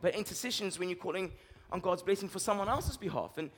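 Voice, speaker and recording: A male pastor with a high voice preaches in a dynamic way, pushing some phrases loud and letting others drop low. His voice rings out with a long hall reverb. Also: expressive, fast talker, slightly rough. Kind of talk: sermon.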